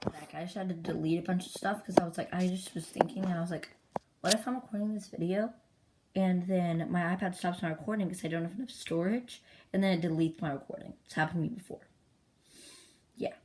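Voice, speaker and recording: A woman's voice: fairly low pitch, fairly quick, darkish tone. Rambling female storyteller, noisy recording. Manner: rambling, breathless storytelling with squealed character voices. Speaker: comic creator. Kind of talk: casual retelling of a homemade comic.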